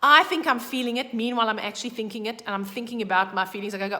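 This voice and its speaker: A woman giving a casual, chatty daily numerology forecast, emphatic and animated with asides. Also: on the high side, quick pace, hardly any pauses, in a large hall. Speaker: numerology vlogger.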